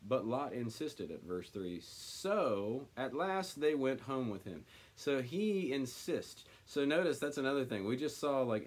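A man hosting a Bible study, reading scripture aloud slowly and then thinking aloud about it with many ums and uhs. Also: lowish voice.

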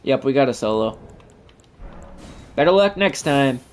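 A man's voice: mid-range voice, lively intonation, measured pace. A man giving profane, trash-talking commentary over his own gameplay as the channel host.

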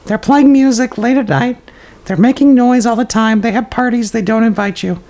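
A cheerful toilet paper roll puppet with a very high, squeaky voice hosts a zany comedic live stream, confidently giving absurd tips in a matter-of-fact way. The male voice has a darkish tone and moderate pace. Now and then it turns to the live chat with a few hesitant ums and uhs.

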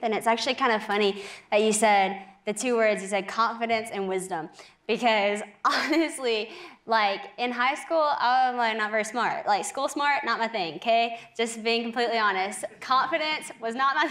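Young woman, TV interview guest, earnest faith story, casual "like"-filled delivery, higher-pitched voice. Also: fairly bright tone. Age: young adult. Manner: earnest, chatty, many "like"s, quick laughs.

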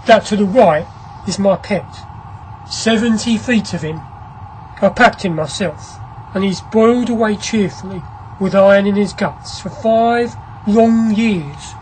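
A narrator voicing a brisk, commanding ironworks owner. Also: mid-range voice, slight background noise, lightly acted. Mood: eager. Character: ironworks owner, a grim restless man. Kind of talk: audiobook character reading.

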